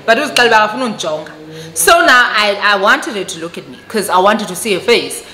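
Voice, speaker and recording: A South African woman telling a story on her vlog, animated and switching between Xhosa and English. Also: medium pitch, fast talker. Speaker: vlogger. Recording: echoey room recording.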